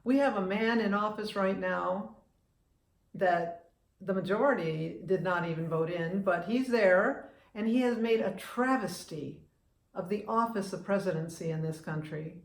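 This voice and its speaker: A woman's voice: mid-range voice, a little slow, vocal fry. Chatty woman in her seventies, echoey room. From United States. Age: 70s. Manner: chatty, opinionated, with frequent restarts. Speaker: vlogger and humorist. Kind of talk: casual talking-to-camera vlog.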